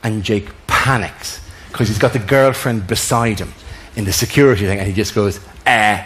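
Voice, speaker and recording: An Irish man performing live stand-up comedy, telling stories fast and acting out voices on a theater stage. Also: lowish voice. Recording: echoey theater with loud crowd laughter. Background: audience laughing.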